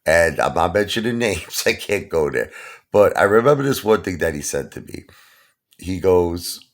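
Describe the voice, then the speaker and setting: Brooklyn man with a very deep, gravelly voice, a hard-talking host who tells street stories. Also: very animated, moderate pace. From Brooklyn, New York. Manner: tough-talking, repeats "you understand?" and "okay?". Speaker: channel host. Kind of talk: casual storytelling monologue.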